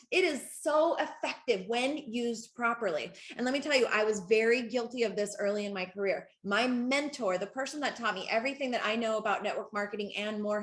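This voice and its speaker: Excitable woman coaching on an echoey call. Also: fairly high pitch. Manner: excitable, laughing, talks to the audience directly. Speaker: network marketing coach. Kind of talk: live group coaching call.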